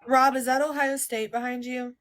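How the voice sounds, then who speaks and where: A woman's voice: high voice, little pitch movement, normal speed, fairly bright tone. A woman in a casual livestream group chat, teasing and laughing often over a video call. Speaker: livestream participant.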